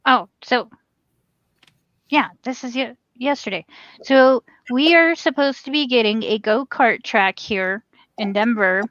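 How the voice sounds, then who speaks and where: Woman co-host, playful storyteller, slightly high voice, dull lo-fi sound. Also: measured pace, a bit bright, no room sound. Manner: laughs often, joking and storytelling. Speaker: podcast co-host. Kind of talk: casual chat.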